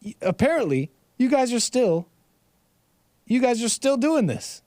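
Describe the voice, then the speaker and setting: A man's voice: extremely high pitch, big pitch swings, unhurried, long pauses, a little mellow, dry recording, studio quality. A man hosting a casual livestream, reading viewer messages and rambling sarcastically with frequent restarts. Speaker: livestream host.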